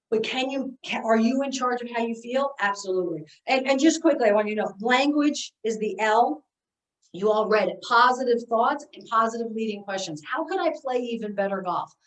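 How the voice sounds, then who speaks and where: A woman golf mental game coach giving an energetic motivational seminar talk, leading her audience through exercises. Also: fairly high pitch. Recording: echoey room, voice from far off.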